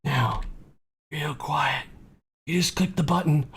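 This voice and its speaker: A man teaching traders in an energetic, animated way, acting out scenes and yelling encouragement. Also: fairly high pitch, a little slow, creaky, pauses often, slight background noise. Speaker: trading coach. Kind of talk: hyped-up motivational teaching.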